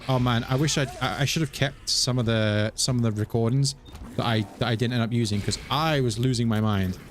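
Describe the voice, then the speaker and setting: A man streaming a game, chatting in a rambling, self-mocking way and jumping into a higher voice to quote himself. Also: a little hiss or hum. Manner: animated, jumps into higher voice quoting himself. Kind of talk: casual gameplay stream chat.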